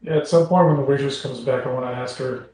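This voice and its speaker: A man's voice: mid-range voice, fast, warm tone. A man playing a tabletop game, easygoing and playful. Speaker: player. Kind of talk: tabletop role-play. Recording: very echoey room.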